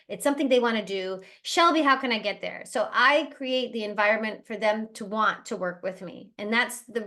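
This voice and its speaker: A woman with a fairly high voice leads a team training over a video call. Her talk is chatty and lively, and she slips into quick impressions of other people. She sounds like an owner coaching her own staff. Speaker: travel agency owner leading team training. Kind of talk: casual motivational training talk.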